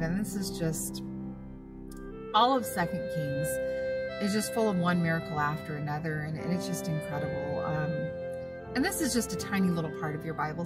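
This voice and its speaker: A woman vlogger at an outdoor campsite, giving an earnest, emotional devotional talk with halting pauses and fillers. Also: medium pitch, recorded from a distance.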